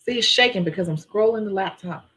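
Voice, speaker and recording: A woman who runs a nail-tech channel, chatting casually on a live stream and telling a story in an animated way. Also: mid-range voice, fast, poor audio. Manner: chatty, animated storyteller who acts out her own quotes.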